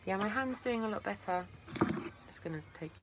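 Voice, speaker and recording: An Englishwoman with a mid-range voice talks a little fast while hosting a casual livestream, her phone placed some distance away. She rambles fondly, calls viewers darling, and sounds tired from a long day of talking, all against heavy background noise.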